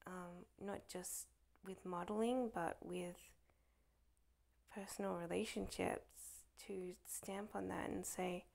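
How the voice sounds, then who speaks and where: A woman with a deeply creaky, gravelly voice tells a meandering personal story. She talks haltingly with many fillers and restarts, often sinking into a soft whisper. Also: fairly even intonation.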